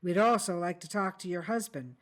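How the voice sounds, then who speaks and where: A woman reading the lines of a calm, methodical male police detective with polite, measured questions. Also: fairly low pitch, natural voice. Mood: formal.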